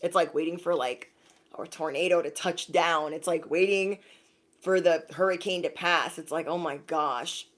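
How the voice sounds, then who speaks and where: Young female livestreamer, lower voice, animated chatty spiritual reader. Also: moderate pace. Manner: animated, laughs often, reads out viewer names. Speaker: intuitive reader livestreaming to viewers. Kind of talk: casual livestream chat.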